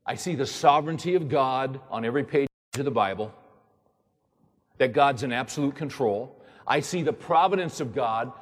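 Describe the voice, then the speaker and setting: A man preaching as a pastor, emphatic and repetitive, pressing his listeners with rhetorical questions. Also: medium pitch. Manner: emphatic, repeats words, fires rhetorical questions. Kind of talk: sermon. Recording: long reverb of a large hall.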